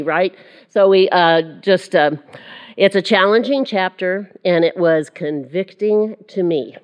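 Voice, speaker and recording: A woman's voice: fairly low pitch, a little slow, dull audio. A woman teaching a church Bible lesson in a chatty, self-deprecating way, with frequent laughter. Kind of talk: casual teaching to a class.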